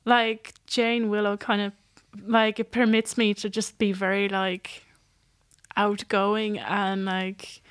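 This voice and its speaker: A woman's voice: medium pitch, flat delivery, slow pace, dry recording, studio quality. A young woman with a mixed Irish and Dutch accent, a singer being interviewed, talking hesitantly and giggling. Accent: Irish with a Dutch tinge. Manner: giggly, hesitant, many fillers. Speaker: singer and guest. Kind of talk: casual interview chat.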